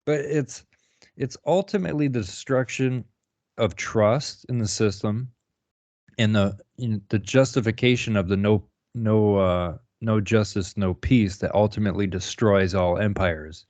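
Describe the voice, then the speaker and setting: A podcast co-host rambles casually, swearing and laughing a lot. His lowish voice is a little slow and a little mellow, and the recording sounds dull, lo-fi and dry.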